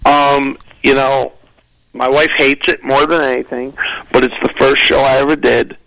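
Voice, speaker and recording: A gravelly-voiced male comedian, swearing freely as he tells animated stories. His voice sits at a middle pitch and sounds dry and close. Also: normal speed, no room sound, poor audio. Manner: profane, animated storyteller. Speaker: guest comedian and actor. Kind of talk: casual podcast interview.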